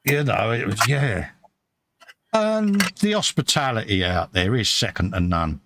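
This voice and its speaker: Against a noisy background, a middle-aged East End Londoner with a Cockney accent talks casually on his live stream, reading viewer comments aloud like an animated raconteur. He speaks a little slowly in a medium pitch.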